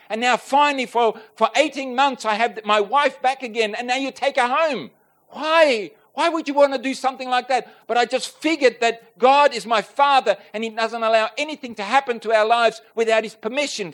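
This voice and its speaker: Male preacher, high voice, heartfelt sermon testimony, talks straight to the congregation. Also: normal speed, few pauses. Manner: earnest and emotional, swelling loud on key points; addresses the congregation directly with questions. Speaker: preacher giving a personal testimony.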